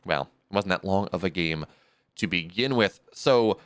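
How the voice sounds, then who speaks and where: A man casting a live esports match, goofy and energetic as he keeps the broadcast moving. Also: sits low, normal speed, dry recording, clean studio sound. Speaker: esports caster.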